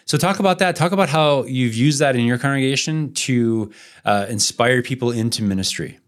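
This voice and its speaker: A man's voice: medium pitch, normal speed. A man hosting a church podcast, prompting his guest with thoughtful questions. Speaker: podcast host. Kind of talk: casual podcast conversation.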